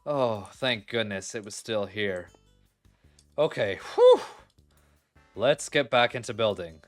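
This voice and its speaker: A man's voice: fairly low pitch, unhurried, fairly bright tone, faint music behind. A man chatting casually through his building game, exclaiming and laughing readily as he talks straight to his viewers. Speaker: gaming video creator. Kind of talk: casual let's-play commentary.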